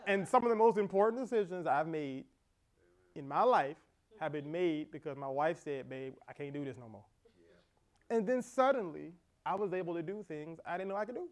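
Speaking a little fast, this middle-aged pastor delivers his sermon in a voice that sits slightly high. He brings lively energy, chuckling along as he performs the back-and-forth of quoted conversations.

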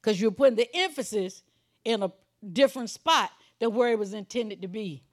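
Woman pastor, high voice, sermon delivery, repeats points and builds to emphatic peaks. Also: normal speed. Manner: preaching, building to emphatic raised passages; repeats key lines for emphasis.

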